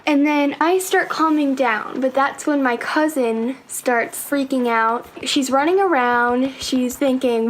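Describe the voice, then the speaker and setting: Brief: high-pitched female storyteller, chatty and excitable, casual personal anecdote. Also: measured pace, few pauses, a little hiss or hum, rough recording. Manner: excitable, chatty, filler-heavy.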